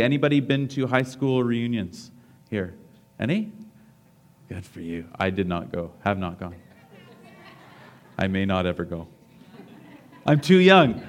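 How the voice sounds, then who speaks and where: A man's voice: fairly low pitch, very animated, unhurried, pauses often. A middle-aged male pastor giving a sermon, reading a story aloud with drama and asking the congregation questions.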